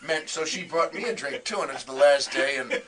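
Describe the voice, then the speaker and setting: A man telling a story as a guest on a radio interview, animated and acting out the voices he quotes. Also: on the high side, fairly quick, recorded from a distance, crowd noise. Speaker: comedian guest.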